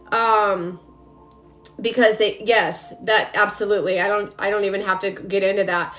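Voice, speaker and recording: A woman's voice: mid-range voice, steady tone, normal speed, fairly bright tone. Chatty woman live-streaming as energy coach. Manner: chatty, rambling, addresses viewers directly. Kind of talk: casual live-stream talk. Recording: faint music behind.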